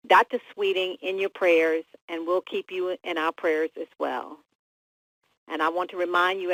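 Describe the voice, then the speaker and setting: A woman hosting a weekly call-in program, closing with measured encouragement. Her voice sits on the low side. The sound is dry and close. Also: fairly bright tone, no room sound, rough recording.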